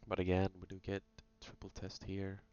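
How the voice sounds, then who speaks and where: A man's voice: deep voice, monotone, moderate pace, a little mellow, smooth. A man casually talking through chart trades in a screen-recorded review, thinking aloud with many fillers. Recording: dull lo-fi sound with faint hum.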